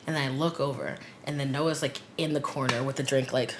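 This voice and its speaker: A young woman with a low voice tells how she met her fiancé, animated and laughing often as she acts out what everyone said. A faint rumble sits under the recording. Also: fairly quick. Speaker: bride-to-be telling how they met. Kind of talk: casual storytelling to camera.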